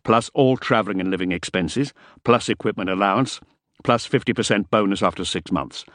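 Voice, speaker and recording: A man's voice: fairly low pitch, a little fast, no echo, clean studio sound, close to an everyday voice. A man voicing an impatient, domineering French ex-soldier who talks curtly and irritably.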